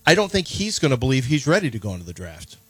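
A man on sports radio, talking casually and rambling with halting fillers. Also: medium pitch, big pitch swings, a bit bright, slightly rough, no echo. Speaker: radio co-host. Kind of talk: casual sports talk and live ad read.

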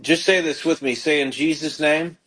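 A man, a pastor hosting a call-in radio ministry, praying fervently over callers and slowing into soft prayer. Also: a little high, fairly even intonation, breathy edge, rough recording. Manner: fervent, slows down and softens into prayer.

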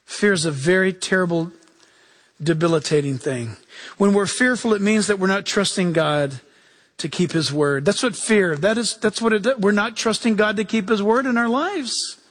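A male pastor preaching a lively sermon, acting out quoted voices and chuckling as he goes. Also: high-pitched, moderate pace.

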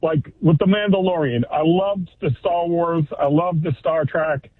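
A male caller talks loosely and casually over a tinny phone line. His voice sits a little high and sounds husky. He is easygoing. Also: measured pace. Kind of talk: casual chat.

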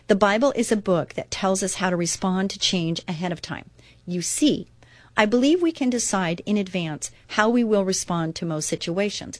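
A woman's voice: medium pitch, moderate pace, no echo. Earnest female Christian radio host. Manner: earnest, expressive, reads devotional text aloud with commentary. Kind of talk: Christian inspirational talk radio.

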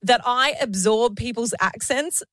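A woman's voice: fairly high pitch, a little slow, fairly bright tone, no echo, studio quality. A young adult woman co-hosting a podcast in casual chat, self-deprecating and giggly. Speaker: podcast co-host.

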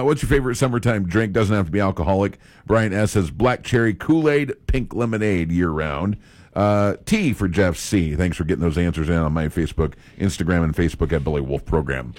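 A man hosting a radio morning show, chatting casually with his co-host, playful and quick to laugh. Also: low voice, a little mellow, no room sound. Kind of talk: casual chat. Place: radio studio.

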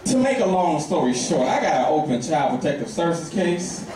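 Man, stand-up comedian, fairly high voice, laid-back storytelling, very roomy and distant. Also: sing-song, moderate pace, very noisy. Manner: laid-back storytelling that builds to exasperated outbursts.

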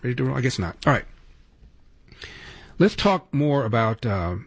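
A man's voice: medium pitch, very animated, moderate pace, husky. A male radio talk show host giving opinionated, sarcastic political commentary and taking calls.

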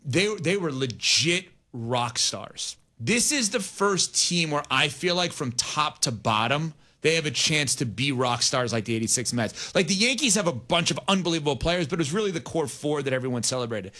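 Bright-voiced middle-aged man co-hosting. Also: a little high, lively intonation, moderate pace, few pauses. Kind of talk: casual interview chat.

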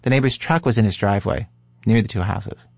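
Low-voiced male podcast host. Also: a little fast, creaky, no echo. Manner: calm narrator, curious questioner. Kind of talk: narration and interview.

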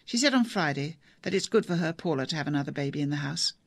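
A narrator voicing a man who speaks gently and affectionately to his wife over the phone. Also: a little high, lively intonation, fast talker, vocal fry, no room sound. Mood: gentle. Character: gentle, reassuring husband.

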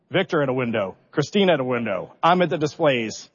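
Middle-aged male commander, animated storyteller, long hall reverb, dull lo-fi sound. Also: mid-range voice, a little fast, few pauses, breathy edge. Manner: animated, self-deprecating, builds suspense. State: emotional, holding back tears. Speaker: mission commander. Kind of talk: press conference storytelling.

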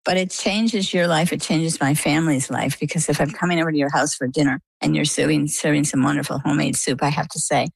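Interview guest, middle-aged woman, animated storyteller, deep and a little fried, close dry sound. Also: fast, creaky, few pauses, breathy edge, no echo, low-quality recording. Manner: animated, lively retelling. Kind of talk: conversational storytelling.

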